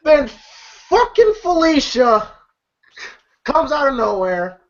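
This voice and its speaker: A film reviewer giving a casual, animated recap of a movie scene, chuckling and using lots of filler phrases. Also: high voice, takes it slowly. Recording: dull lo-fi audio.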